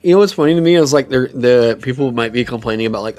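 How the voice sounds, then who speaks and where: A man streamer chatting casually and reacting, excitable and rambling, with frequent swearing. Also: mid-range voice, quick pace, few pauses. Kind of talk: casual chat.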